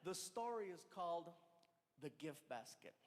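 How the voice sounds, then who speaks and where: A man in his thirties telling a stand-up comedy story, animated and acting out the people in it. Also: on the high side, a little slow. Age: 30s. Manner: animated, acts out other voices, shouts and laughs. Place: large performance hall. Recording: large hall with reverb, faint crowd noise.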